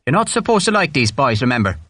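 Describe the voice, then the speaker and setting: A man's voice: mid-range voice, very animated, fast talker, sharp tone, no room sound. Man doing a dry, disapproving army major. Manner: dry, wry warnings.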